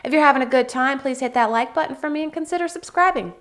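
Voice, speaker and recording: A woman's voice: sits high, fast. A woman hosting a reaction video, chatting casually and thinking aloud, sometimes restarting her sentences. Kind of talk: casual commentary.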